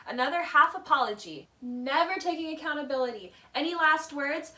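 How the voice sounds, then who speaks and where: A woman's voice: sits high, expressive, moderate pace, bright, forceful tone, far from the mic. A woman giving casual, opinionated commentary on a reality show. She talks in a chatty way, leans heavily on "like" and "literally", and acts out quoted lines in mock voices. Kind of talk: casual video essay commentary.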